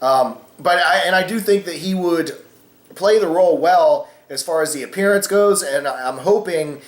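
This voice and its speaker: A man's voice: on the high side, normal speed, echoey room. A man hosting a casual opinion vlog, rambling with many fillers and cussing freely. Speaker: vlogger host.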